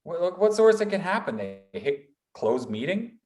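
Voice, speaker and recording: A man presenting a motivational workshop, talking in lively repeated lists like a college instructor. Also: high-pitched, normal speed, reverberant. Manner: animated, builds repetitive lists.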